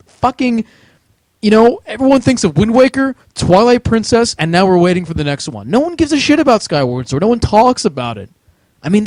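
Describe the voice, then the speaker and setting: A man's voice: on the high side, a little mellow, no echo. A man with a New Jersey accent co-hosting a podcast, ranting about video games with heated, sweary, mocking talk. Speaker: podcast co-host. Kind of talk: profane ranting chat.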